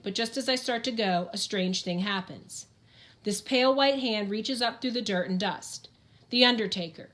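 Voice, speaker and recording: A woman's voice: fairly high pitch, fairly bright tone. A woman reading a first-person audiobook in an earnest, plain-spoken storytelling manner. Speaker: audiobook narrator.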